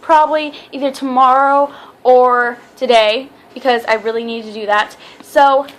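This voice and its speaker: High-voiced chatty young woman vlogger. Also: steady tone, normal speed. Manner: chatty, rambling, stumbles over words. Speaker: book vlogger. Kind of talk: casual book review vlog.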